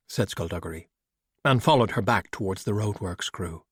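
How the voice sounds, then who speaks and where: A man narrating an audiobook in a measured, expressive storytelling manner. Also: lowish voice, slightly rough, dry recording, clean studio sound.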